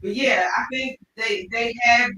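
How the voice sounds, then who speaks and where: A woman hosting a casual livestream chat show, telling stories in an animated, expressive way. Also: fairly high pitch, a little slow. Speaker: talk show host. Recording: echoey room, distant mic.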